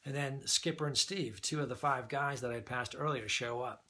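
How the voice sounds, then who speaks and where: A man telling a funny anecdote in a casual, animated way, chuckling as he goes. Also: mid-range voice, normal speed. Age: older than the usual young adult. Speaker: storyteller.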